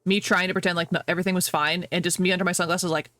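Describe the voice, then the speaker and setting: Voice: mid-range voice, flat delivery, very fast, sharp tone. A game streamer chatting casually to viewers while playing, laughing often and apologizing a lot. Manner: talks to chat, reacting to the game.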